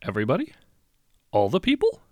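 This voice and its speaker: A man voicing a smooth, polite salesman with a quietly menacing manner. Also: medium pitch, wildly swooping pitch, brisk, no room sound, pitched above the performer's own voice. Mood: calmly sinister. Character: smooth sinister male salesman of death.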